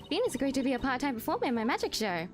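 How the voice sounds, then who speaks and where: A bubbly teenage girl magician from a visual novel, rattling off her lines fast and cheerfully, read by a woman gamer. Her voice is high and bouncy. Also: sing-song, soft background music. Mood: playful. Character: teen girl stage magician, upbeat, playful.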